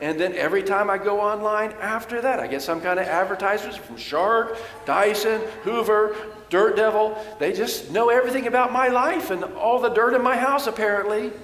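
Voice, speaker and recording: A man, a pastor, preaching a sermon in a church and telling a story, lively when he quotes others. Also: high voice, a little hiss or hum. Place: church sanctuary. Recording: echoey church hall with long reverb.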